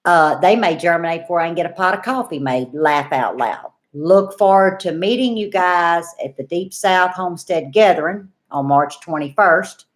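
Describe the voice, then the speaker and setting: A middle-aged woman with a Southern US accent, telling a homestead story to her viewers in a folksy, animated way. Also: lowish voice, normal speed, few pauses. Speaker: homestead vlogger.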